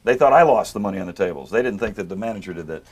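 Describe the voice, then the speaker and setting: A man's voice: lowish voice, expressive, rapid-fire, breathy edge. An older man, a magician, telling comic stories in a chat-show interview, doing voices for the people he quotes. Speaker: magician guest. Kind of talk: storytelling interview.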